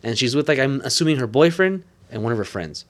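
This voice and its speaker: A man's voice: medium pitch, fast. Profane laughing man telling shop stories. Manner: profane, laughing, animated storytelling. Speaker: piercer and podcast host. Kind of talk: casual storytelling chat.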